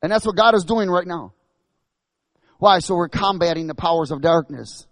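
A man preaching a sermon, asking the congregation questions and building to loud, emphatic bursts. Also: high voice, moderate pace, no room sound.

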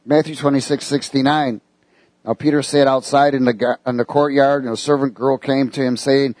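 A man's voice: medium pitch, steady tone, moderate pace, a little mellow, no echo. A man preaching a sermon who reads scripture and asks the congregation questions in a casual, conversational way.

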